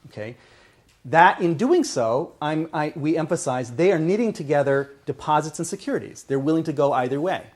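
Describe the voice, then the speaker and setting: In a lecture hall, a man delivers a university lecture, walking his class through ideas one step at a time. His voice sits fairly high with a darkish tone, expressive and at a moderate pace, and he keeps checking in with "okay" and restarting phrases.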